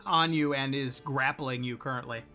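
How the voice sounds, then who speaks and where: Bright-voiced game master calling the turns. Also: medium pitch, normal speed, soft background music. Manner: steady, announcing turns and results. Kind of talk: running a tabletop game.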